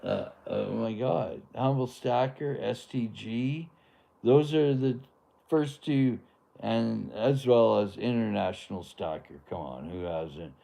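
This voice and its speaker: Slow gravelly man chatting on a livestream. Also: on the low side, warm tone. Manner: rambling, laid-back, lots of fillers. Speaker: livestream host. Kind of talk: casual live-stream chat.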